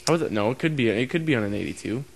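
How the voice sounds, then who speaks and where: A man's voice: medium pitch, expressive, racing, vocal fry, breathy edge. A young man co-hosting a casual podcast, talking in a playful way and laughing often. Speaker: podcast co-host. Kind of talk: casual chat.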